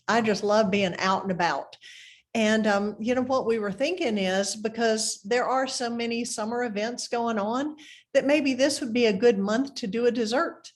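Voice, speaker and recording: A woman with a Southern Mississippi accent hosts a community program in an effusive, chatty way. Her voice sits a little high for a woman. She keeps stacking up thank-yous and asides. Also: moderate pace. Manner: chatty, effusive, uses "y'all". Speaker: program host. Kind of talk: friendly community program introduction.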